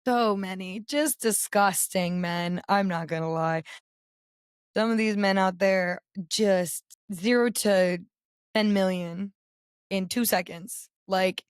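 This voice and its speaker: A young woman with a raspy voice co-hosting a podcast, chatting candidly and telling stories with animation. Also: medium pitch, a little slow, no room sound, clean studio sound. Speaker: podcast co-host. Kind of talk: casual chat.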